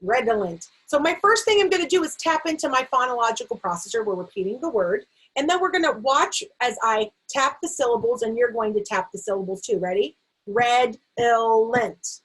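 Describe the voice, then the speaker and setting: Middle-aged woman teacher, husky, a bit high, careful vocabulary lesson to camera. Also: lively intonation, fairly bright tone, rough recording. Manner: slow, stretched-out word repetition. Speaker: literacy teacher.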